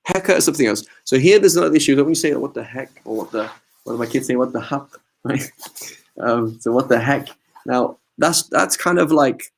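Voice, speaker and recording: A man giving an informal religious class in a mosque, talking conversationally, often checking in with "right?" and mixing in Arabic religious terms. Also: medium pitch. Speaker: religious teacher.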